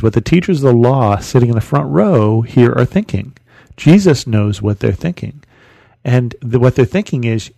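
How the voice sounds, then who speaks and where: A man's voice: medium pitch, vocal fry, mellow, no echo. A man hosting a podcast, teaching through a Bible story in a conversational, storytelling way with rhetorical questions.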